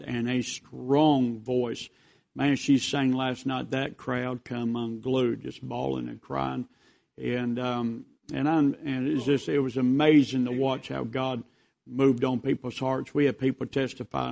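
Gravelly preacher man. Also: mid-range voice, a little mellow. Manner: folksy, rambling storytelling. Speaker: visiting preacher. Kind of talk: revival sermon.

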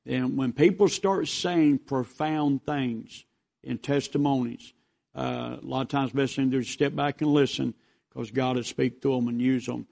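A man preaches a revival sermon, rambling through stories in a folksy way. His voice has a rough, gravelly edge and stays fairly level in pitch. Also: fairly even intonation, moderate pace, a little mellow. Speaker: visiting preacher.

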